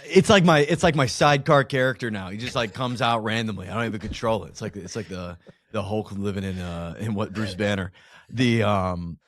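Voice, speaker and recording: A man talking as a guest on a podcast interview in a casual, animated way, with frequent restarts and slang. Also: lowish voice, brisk, no echo, studio quality.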